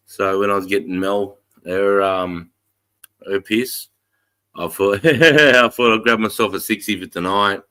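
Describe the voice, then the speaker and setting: Laid-back Aussie man with a bright voice. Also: on the low side, a little slow, clear, resonant tone. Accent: Australian. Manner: laid-back, swearing, greeting chat viewers. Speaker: livestream host. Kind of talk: casual livestream chat.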